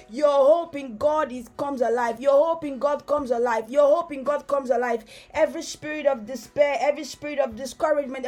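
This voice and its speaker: A woman's voice: high-pitched, a little mellow. A woman podcast host preaching and praying prophetically, with fervent, repeated declarations and bursts of speaking in tongues.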